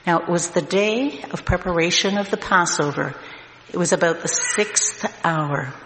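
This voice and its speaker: Man, scripture narration, slow deliberate reading, echoey room, faint noise. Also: high-pitched, pushed and bright. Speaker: scripture reader. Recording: echoey hall, long reverb, faint noise.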